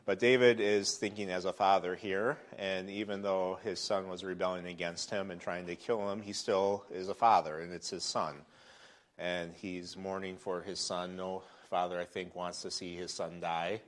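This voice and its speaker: Middle-aged man, very low voice, conversational Bible teacher, church classroom. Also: level tone, normal speed. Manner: conversational, with fillers and restarts. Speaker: Sunday School teacher. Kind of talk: Bible lesson.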